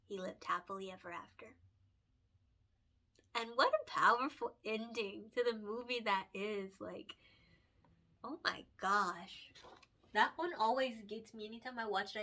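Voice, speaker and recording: A woman's voice: medium pitch, bright, forceful tone. A young adult woman illustrator chatting casually while she colors, emotional and gushing, laughing often and saying "like" a lot. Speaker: picture book illustrator and vlogger.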